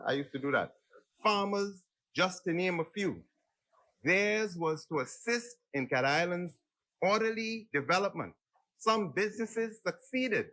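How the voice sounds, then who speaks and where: A man's voice: high voice, pushed and bright, rough recording. A man with a Bahamian accent giving an earnest parliamentary budget debate speech in a chamber, listing names and groups and addressing the Speaker again and again. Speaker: member of parliament.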